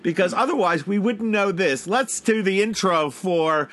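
A man's voice: high voice, measured pace, fairly bright tone. A man co-hosting a political chat show, swearing and laughing often. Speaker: podcast co-host.

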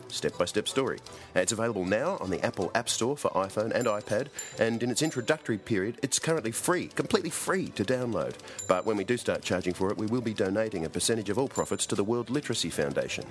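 A man reading a promotional ad in an upbeat, pitching manner. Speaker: advertiser. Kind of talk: read ad.

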